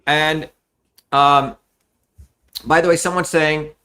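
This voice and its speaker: A man's voice: a little high, steady tone, takes it slowly, bright, forceful tone, a little hiss or hum. A middle-aged man hosting a live fundraising stream, talking bluntly and emphatically, with frequent profanity, straight to his viewers. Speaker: host of a live fundraising telethon.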